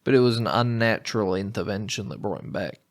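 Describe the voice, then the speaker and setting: A man's voice: fairly low pitch, quick pace. A man co-hosting a podcast in casual chat, dry and joking, thinking aloud with restarts. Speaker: podcast co-host.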